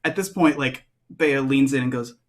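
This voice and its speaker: A man's voice: medium pitch, moderate pace. A man narrating as game master in a tabletop game, rambling loosely with lots of fillers.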